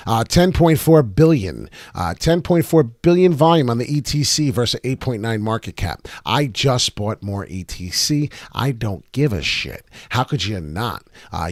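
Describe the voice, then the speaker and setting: Studio-quality and echo-free, this clip features a medium-pitched man running a laid-back livestream of crypto market commentary. As the chart analyst and host, he keeps it brash and profane, tossing in rhymes and hype along the way.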